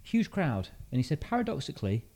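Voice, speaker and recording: A man's voice: fairly high pitch, big pitch swings, brisk, gravelly, mellow. A British man, a podcast host, casually telling a story and thinking aloud with restarts. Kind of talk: casual chat.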